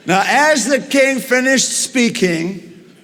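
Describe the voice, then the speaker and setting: A man preaching a storytelling sermon, retelling a Bible story in an animated way with frequent chuckles. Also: very high voice, big-room sound.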